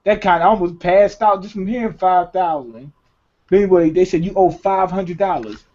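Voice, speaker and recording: Profane, animated young man, lo-fi sound. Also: high voice, moderate pace. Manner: profane, animated storytelling with acted-out quotes. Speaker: podcast host. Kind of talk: casual chat. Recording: dull lo-fi recording.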